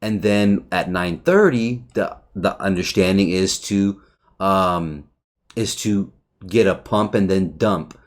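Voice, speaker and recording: A man's voice: low-pitched, slow pace. Loose, profane man walking through a chart. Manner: loose and profane, frequent restarts and "right?" check-ins. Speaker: trader reviewing a chart. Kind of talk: casual market recap over a chart.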